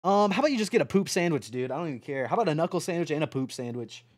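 Excitable young man with a high voice. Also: racing, dry recording, clean studio sound. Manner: rambling, excitable, swears a lot. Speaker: streamer. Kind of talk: late-night casual stream chat.

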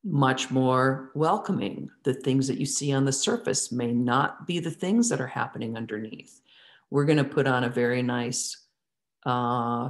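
A woman teaching a theatre class in a lecture style, asking the students many questions and drawing words out for emphasis. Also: low-pitched. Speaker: theatre instructor.

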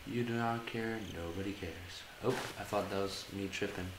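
A gaming channel host gives let's-play commentary on a horror game in a lowish voice at normal speed. He's jumpy, swears, and talks to himself as he plays. The audio is reverberant with a noisy background.

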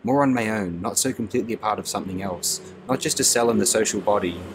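A man's voice: fairly low pitch, fast, noisy background, close to an everyday voice. A man reading an audiobook, voicing a gloomy, brooding young man who grumbles and speaks with earnest intensity.

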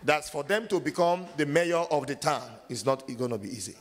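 A man preaching a sermon as pastor, asking the congregation to finish verses and acting out scenes with loud shouts. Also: a little high, expressive, brisk. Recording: long hall reverb.

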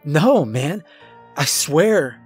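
A man voicing a scared teenage boy who stammers and pleads, his voice a little higher than his narration. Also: expressive, extremely slow, a little mellow, breathy edge, soft background music, exaggerated voice. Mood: frightened.

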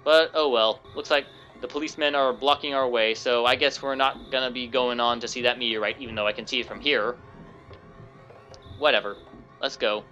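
A man's voice: mid-range voice, steady tone, brisk, sharp tone. A man giving casual let's play commentary and rambling between lines of game text. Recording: faint game music behind.

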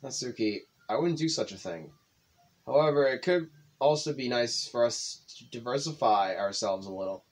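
A man's voice: mid-range voice, expressive, moderate pace, close to an everyday voice. A man voicing a shy, formal teenage girl in a visual novel read-through. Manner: polite and hesitant.

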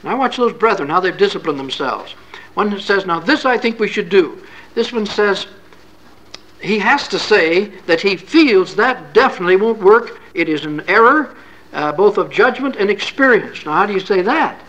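A man's voice: high-pitched, lively intonation, moderate pace, fairly bright tone, a little hiss or hum, low-quality recording. A man giving a classroom scripture lecture in an earnest, folksy, conversational way. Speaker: religious lecturer.

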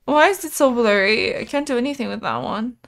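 A woman's voice: fairly high pitch, expressive, brisk, vocal fry, a bit bright. A young woman streaming a horror game, talking to her chat and anxiously repeating pleas as she plays. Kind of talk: horror game let's play.

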